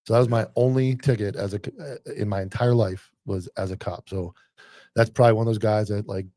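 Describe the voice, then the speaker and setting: A fast-talking man with a lowish voice, rattling off profane stories as a podcast co-host and acting out the people in them. The sound is dry and close to the mic. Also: fairly even intonation, warm tone, dry recording. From northern US. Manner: profane storytelling, acts out quoted people. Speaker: podcast co-host, former cop. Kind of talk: casual podcast chat.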